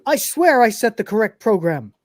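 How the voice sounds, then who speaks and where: A woman's voice: mid-range voice, big pitch swings, moderate pace, no echo, studio quality, pitched above the performer's own voice. A woman voicing a fussy, deferential male service robot who frets. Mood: fretful. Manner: anxious, deferential.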